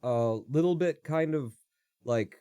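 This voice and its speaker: A man's voice: medium pitch, takes it slowly, dark tone, clean tone, no echo, clean studio sound. A man live streaming while he codes, chatting casually in a rambling, joking way that keeps breaking off mid-thought. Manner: rambling, joking, self-interrupting.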